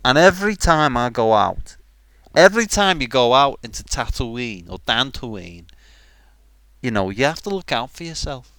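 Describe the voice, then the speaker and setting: A man doing a paranoid Liverpool bloke with a Liverpool accent, ranting on and on, rhetorical questions, bright forceful voice, smooth tone. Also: medium pitch, expressive, moderate pace, no room sound. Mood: aggrieved rant.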